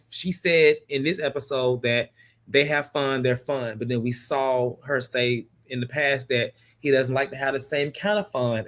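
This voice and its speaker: A man's voice: medium pitch, a bit bright. A man co-hosting a casual recap chat, talking in loose, laughing asides. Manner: chatty, laughing, drawn-out asides. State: yawning. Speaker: podcast co-host.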